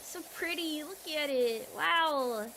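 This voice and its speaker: A young American woman chats with her stream audience, high and bright in pitch, loud and teasing one moment and falling to mock-quiet apologies the next. A faint hiss of noise sits under her voice. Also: slow. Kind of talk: casual game stream chat.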